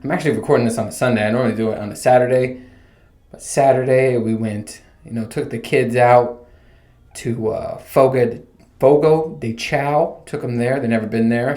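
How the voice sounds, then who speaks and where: A man in his thirties hosting a casual solo podcast, ranting and telling stories with plenty of swearing. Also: medium pitch. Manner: animated, profane, rambling storytelling. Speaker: podcast host. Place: home room with bare walls. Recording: echoey untreated room.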